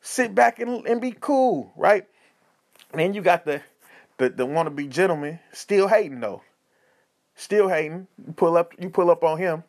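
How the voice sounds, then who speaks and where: A high-voiced man hosting a podcast, talking in a casual comedic advice style. His delivery is animated and preachy, full of slang and repeated phrases. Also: moderate pace. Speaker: podcast host.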